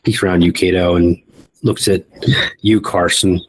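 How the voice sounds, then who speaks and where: A man narrating as game master of a tabletop game, halting and full of ums. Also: deep voice, level tone, a little hiss or hum, low-quality recording.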